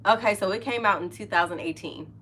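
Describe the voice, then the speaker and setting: Chatty middle-aged woman, bright tone. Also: medium pitch, brisk, a little hiss or hum. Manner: chatty and open, laughs often, trails off mid-sentence. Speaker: podcast host. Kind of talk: casual chat.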